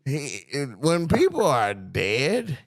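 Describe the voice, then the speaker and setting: A man hosting a podcast in casual chat, talking in an animated, profane way and often mimicking other people's voices. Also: on the high side, takes it slowly, vocal fry, over a noisy crowd. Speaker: podcast host.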